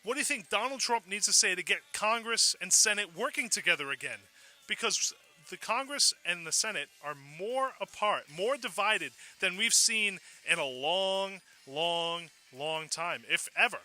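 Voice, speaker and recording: A man hosting a call-in talk radio show, energetic and conversational, posing questions to listeners. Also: high voice, poor audio.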